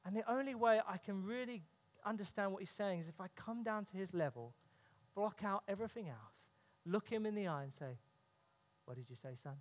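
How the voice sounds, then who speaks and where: A man with a high voice delivers an earnest sermon and mixes in humorous stories from home. His words ring out under the long reverb of a church hall. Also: lively intonation, a little fast. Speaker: pastor. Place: church sanctuary.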